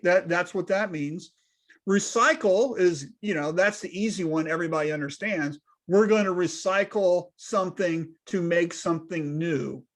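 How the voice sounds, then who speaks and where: This man has a high, bright speaking voice and talks as a business consultant in a casual conversation. He pushes his points home with rhetorical questions and keeps checking in with the listener. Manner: emphatic, asks rhetorical questions and tags them with "right?".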